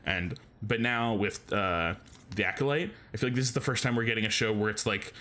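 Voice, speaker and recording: A man's voice: lowish voice, fairly quick, bright, forceful tone. A man co-hosting a podcast in casual chat, rambling enthusiastically with lots of filler words. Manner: enthusiastic fan. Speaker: podcast co-host.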